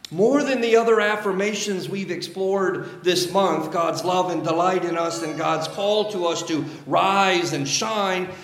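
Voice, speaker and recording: A man preaching a sermon as pastor, measured and emphatic, with deliberate pauses. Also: sits high, reverberant. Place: church sanctuary.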